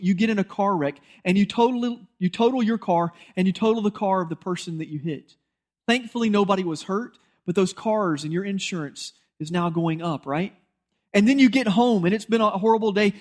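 A male pastor, preaching a sermon in a conversational, storytelling way and acting out bits of dialogue. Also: high voice.

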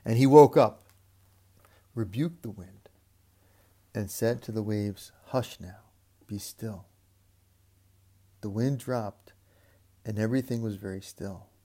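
A man preaching a reflective sermon, speaking in a measured way with repeated phrases and long pauses. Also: on the low side, warm tone.

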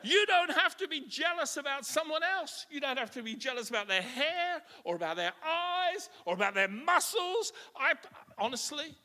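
A man's voice: very high-pitched, expressive, normal speed, hardly any pauses, bright, forceful tone. A man preaching a sermon with passion, often repeating his words as he starts a line. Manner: impassioned, repeats words when starting lines. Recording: echoey hall.

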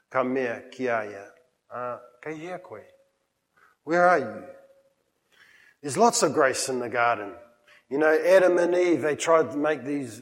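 A man's voice: a little high, a bit bright, in a large hall, low-quality recording. A man preaching a sermon, emphatic and with playful humorous asides. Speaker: pastor. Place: church.

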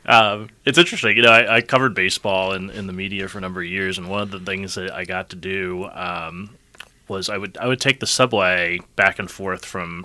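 A man's voice: deep voice, no room sound. A middle-aged man co-hosting a casual chat, telling stories with lots of "you know" and laughter. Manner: animated storyteller, many "you know"s, laughs. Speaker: podcast co-host.

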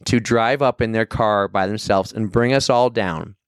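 A man telling a long, animated story as a podcast guest, acting out the people in it. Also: on the low side, moderate pace, clear, resonant tone, dry recording, clean studio sound. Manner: animated, rambling, acts out quoted people. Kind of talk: casual storytelling chat.

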